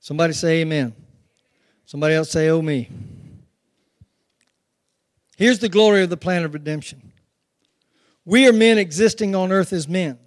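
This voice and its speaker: A man preaching with a very high voice, the sound carried by a long hall reverb. He calls on the congregation to answer him and acts out scenes with swelling intensity. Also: brisk, long pauses. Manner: call-and-response preaching, dramatic retelling. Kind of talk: sermon.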